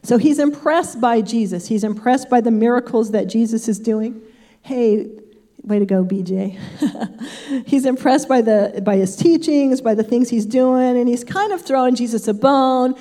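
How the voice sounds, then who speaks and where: An older woman leads a relaxed Bible lesson in a warm, somewhat high voice. She talks chattily and drifts into personal asides. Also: moderate pace. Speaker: Bible teacher. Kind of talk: casual Bible teaching.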